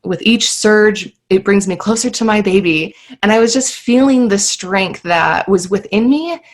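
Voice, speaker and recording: A woman's voice: mid-range voice, a little slow. A woman in her thirties, a podcast guest telling her own story in an earnest, heartfelt way with many fillers. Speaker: guest sharing birth story.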